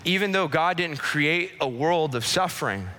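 A man preaching a sermon, swinging from loud pleading to hushed, intimate talk. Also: a little high, expressive, normal speed. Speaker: pastor. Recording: live sermon with long hall reverb.

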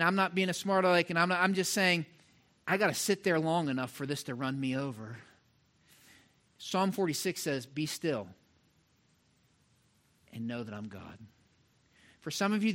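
A middle-aged man preaching a sermon as pastor, animated and talking straight to the congregation, acting out little voices to make his points. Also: on the high side. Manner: animated, mimics voices for illustration, direct address to congregation.

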